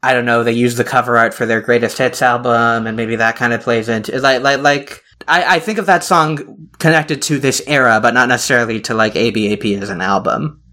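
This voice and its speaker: A man hosts a casual podcast about an album, and he thinks out loud. He circles back and restarts his sentences, trailing off into fillers, at an average pitch. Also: a little fast. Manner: rambling, many restarts and fillers. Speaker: podcast host. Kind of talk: casual music podcast chat.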